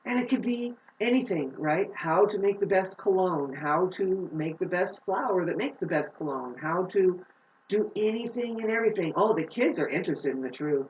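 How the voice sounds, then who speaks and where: Woman ranting in a distant, roomy recording. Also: lively intonation. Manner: profane, heated ranting that swings between loud outbursts and low, slow explaining. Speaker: astrology vlogger. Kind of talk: unscripted astrology monologue. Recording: roomy, distant, dull-sounding audio.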